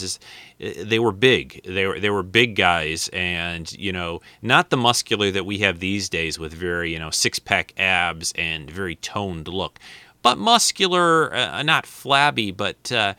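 Deep, bright-toned man rambling on a podcast. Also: no room sound. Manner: rambling, with many fillers and restarts. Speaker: podcast host. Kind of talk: casual spoken commentary.

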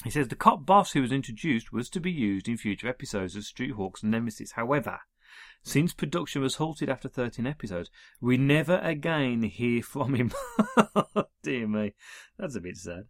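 A man's voice: mid-range voice, big pitch swings, moderate pace, a bit bright, no room sound, clean studio sound. A man reading through an episode guide in a casual way, adding wry asides and small chuckles. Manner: reads listings, adds wry chuckling asides.

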